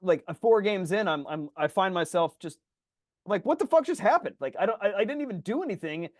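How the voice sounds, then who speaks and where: Lively, fast-talking man, animated storyteller. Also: high-pitched, no echo, clean studio sound. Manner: animated storyteller, swears freely, acts out his own thoughts loudly. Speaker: podcast co-host. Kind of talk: casual chat.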